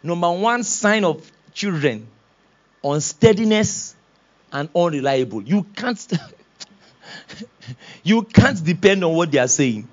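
Animated pastor preaching. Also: male voice, high voice, slow pace, long pauses, muffled recording. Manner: animated, acts out quoted voices, laughs often. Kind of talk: sermon.

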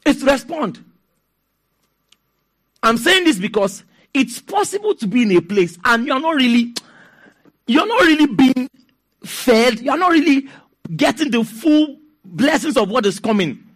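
A man's voice: very high-pitched, measured pace, pauses often, breathy edge. A man with a Nigerian accent preaching a sermon as pastor, telling stories with laughter and asking the congregation to respond. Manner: animated, storytelling with laughs and call-and-response.

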